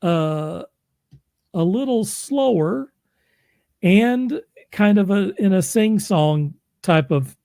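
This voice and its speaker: A man's voice: sits high, expressive, slow, vocal fry, warm tone, dry recording, studio quality. A man who narrates audiobooks, chatting casually as host, laughing often and restarting his sentences. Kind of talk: casual chat.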